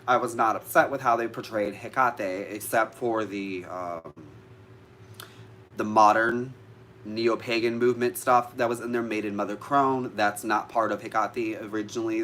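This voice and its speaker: A man's voice: fairly low pitch, a bit bright, a little hiss or hum. A man vlogging casually to live viewers about witchcraft, chatty and easily sidetracked, swearing now and then.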